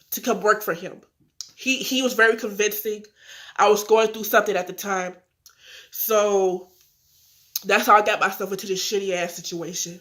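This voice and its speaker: A woman's voice: medium pitch, a bit bright. An eighteen-year-old woman telling viewers about her life in a candid, earnest way, upset but holding back tears. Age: young adult. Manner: talks directly to viewers, acts out phone calls. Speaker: vlogger. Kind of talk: casual confessional vlog.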